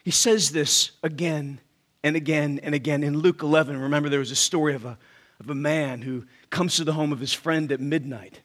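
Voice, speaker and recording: A man's voice: a little high, steady tone, a little fast, fairly bright tone. A man preaching a sermon with emphatic rhetorical questions, often repeating words as he starts a thought. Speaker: pastor.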